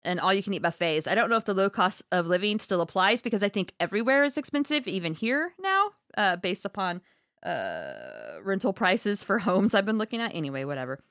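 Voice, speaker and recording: A woman's voice: medium pitch, big pitch swings, brisk, a bit bright, dry recording. Casting: woman, casual podcast host, laughing storyteller, close dry mic. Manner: storytelling, laughing, profane asides. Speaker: podcast host recapping a book. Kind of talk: casual chat.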